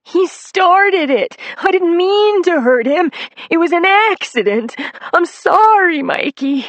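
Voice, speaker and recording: A narrator voicing a small, volatile middle-aged man who talks in a peculiar high-pitched whine. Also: very animated, unhurried, no room sound, exaggerated voice. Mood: pleading whine.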